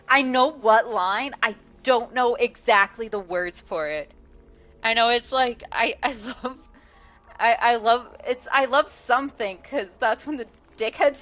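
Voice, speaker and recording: A woman's voice: on the high side, fairly bright tone. A woman game streamer chatting casually and rambling, laughing often and swearing freely. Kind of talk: casual live-stream chat.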